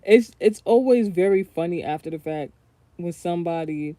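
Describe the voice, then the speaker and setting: A woman from the United States reads tarot on a casual livestream in a warm voice on the low side, speaking at normal speed. She rambles and swears freely, chatting along and often trailing off before starting again. The recording is dry.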